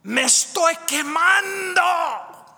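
A man's voice: extremely high pitch, lively intonation, takes it slowly, gravelly, sharp tone, shouting, a faint crowd, pitched above the performer's own voice, exaggerated voice. A man acting out a demon-possessed woman who screams and howls in torment. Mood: shrieking. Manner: screaming, howling shrieks. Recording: long hall reverb.

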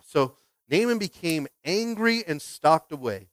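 A pastor preaching a lively sermon, acting out scripture characters and often checking in with the congregation. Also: male voice, moderate pace, clean tone, no room sound. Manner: animated, acts out Bible characters with big pitch jumps; asks the congregation "are you with me?".

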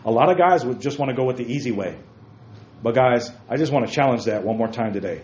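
With lively intonation and a fast, slightly mellow mid-range voice, a man preaches emphatically to young men in a church room, repeating key phrases and calling on listeners by name. It's a dull, roomy lo-fi recording carrying faint noise.

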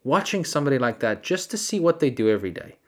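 A man's voice: medium pitch, very animated, fast. A man hosting a solo podcast, rambling through incredulous rants with self-deprecating asides. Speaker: podcast host.

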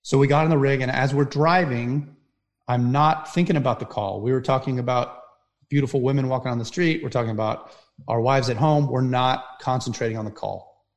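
A middle-aged man, a firefighter, telling stories in an animated way and often asking "right?". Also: medium pitch, brisk. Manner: animated storyteller, frequent "right?" tags. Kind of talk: storytelling talk.

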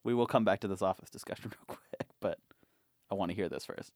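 A man's voice: low voice, expressive, fast, vocal fry, darkish tone, no room sound, studio quality. A young man hosting a casual podcast, swearing and laughing as he rambles through stories. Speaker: podcast host.

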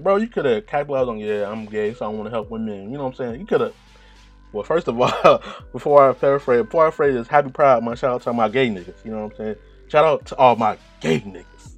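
A man with a deep voice talking in a rambling, profane, laid-back monologue, often laughing at himself. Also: husky. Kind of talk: casual monologue.

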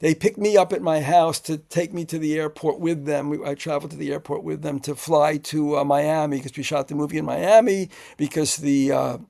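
Gravelly, halting screenwriter telling stories. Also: male voice, fairly high pitch, darkish tone. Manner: halting with fillers, acts out quotes. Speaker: screenwriter guest. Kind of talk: anecdotal interview storytelling.

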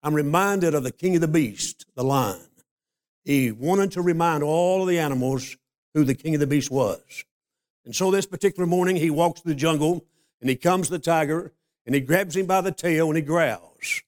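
An older man preaching a sermon, a folksy storyteller who slows down to stress scripture. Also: on the high side, a little mellow. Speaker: pastor.

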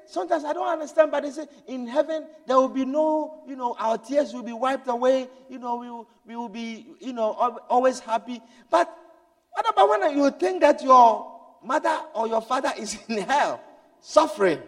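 High-voiced preacher in an echoing hall. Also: male voice, lively intonation, moderate pace. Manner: swings between loud urgent exhortation and low hushed storytelling. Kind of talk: sermon.

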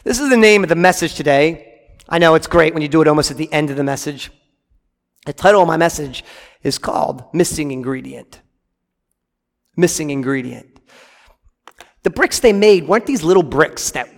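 Pastor, male, high voice, emphatic sermon delivery with chatty asides, long church reverb. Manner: emphatic, conversational asides to the congregation. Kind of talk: sermon with scripture reading. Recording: reverberant hall.

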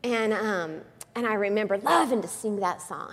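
A woman preaching a sermon with passion, swinging from hushed, quiet passages to loud, lively ones. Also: medium pitch, normal speed, few pauses. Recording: long reverb of a large hall.

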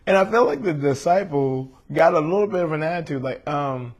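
A man's voice: fairly high pitch, lively intonation, a little fast, hardly any pauses. Earnest preacher, male, reads scripture, then talks to the congregation with questions. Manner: earnest, emotional, rhetorical questions to listeners. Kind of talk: scripture reading and sermon.

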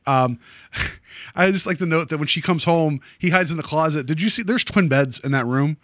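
A man casually recapping a movie plot on a podcast, rambling with lots of fillers and quick laughs. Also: a little high, a bit bright, no echo, clean studio sound. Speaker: podcast co-host.

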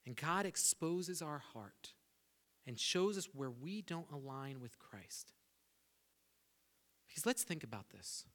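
A man preaching a sermon as pastor, animated, acting out people's prayers to God with rising intensity. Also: on the high side, slow, pauses often. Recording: reverberant hall.

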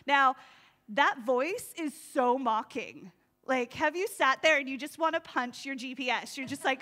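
A woman preaching a sermon in a lively, conversational way, laughing often and acting out voices. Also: high voice, a little slow.

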